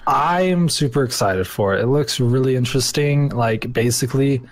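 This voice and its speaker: A man's voice: medium pitch, normal speed, dry recording. A man co-hosting a casual podcast chat, swearing freely and joking eagerly. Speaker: podcast co-host.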